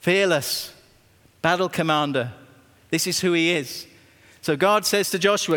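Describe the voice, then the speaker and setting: Pastor preaching in a reverberant hall. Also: male voice, high-pitched, steady tone, a bit bright, clear, resonant tone. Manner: anecdotal, emphatic, slows down on scripture. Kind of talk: sermon.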